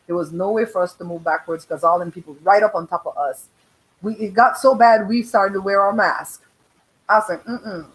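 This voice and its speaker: A middle-aged woman hosting a casual livestream, telling animated stories with voiced quotes and casual swearing. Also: mid-range voice, rough recording. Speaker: livestream host. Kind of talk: casual live chat.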